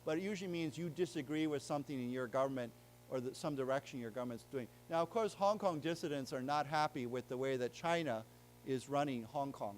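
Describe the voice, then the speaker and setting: A man's voice: a little high, slight background noise. A man teaching a live English vocabulary class, explaining words in plain terms and having the room repeat them after him. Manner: explains patiently in plain terms, checking understanding. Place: library lecture room with a live audience.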